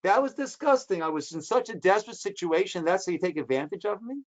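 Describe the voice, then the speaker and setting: High-voiced rabbi teaching Torah. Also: male voice, animated. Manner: explains verse by verse, asking and answering questions; acts out the speakers with quick dramatic quotes. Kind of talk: Torah class.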